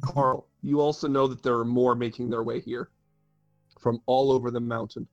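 Male game master, halting narrator, dull lo-fi recording. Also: mid-range voice, little pitch movement, soft background music.

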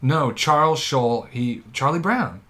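Dude hosting a comedy podcast, deadpan, rambles on with bogus facts, mid-pitched voice. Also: male voice, slow pace. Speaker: podcast host. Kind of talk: casual comedy chat.

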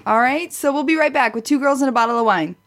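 A woman's voice: high-pitched, fast talker, a bit bright. A woman from Southern Missouri with a Southern Missouri accent, co-hosting a podcast in a casual, enthusiastic chat and laughing easily. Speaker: podcast co-host.

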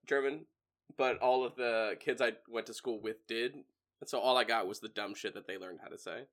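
A young man co-hosting a casual movie podcast, animated and quick to laugh, swearing freely. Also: mid-range voice. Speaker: podcast co-host.

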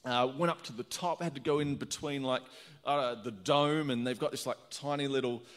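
A middle-aged man from Australia preaching a sermon, energetic and chatty, telling stories with laughs. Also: mid-range voice, moderate pace. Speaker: pastor.

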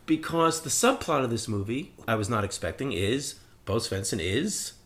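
With a mid-range, slightly bright voice and lively intonation, a man at a moderate pace reviews a film as a podcast co-host. His long, casual take rambles, swears freely and is full of opinions.

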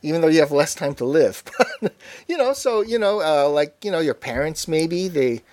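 A man's voice: on the high side, sing-song, moderate pace, darkish tone, dry recording. A man co-hosting a casual tech podcast, talking in an easygoing, rambling way full of asides. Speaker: podcast co-host.

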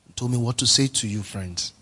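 A male pastor preaching a sermon, emphatic and repetitive, swinging from soft to near-shouting. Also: medium pitch, brisk, slight background noise.

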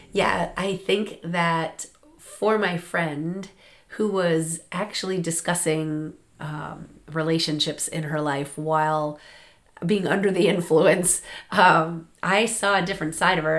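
A woman with a hoarse, raspy voice from losing it, hosting a podcast in a chatty way with frequent laughs and fillers. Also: lowish voice, steady tone, measured pace. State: hoarse, lost voice. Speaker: podcast host and coach. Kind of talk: casual podcast monologue. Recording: roomy echo.

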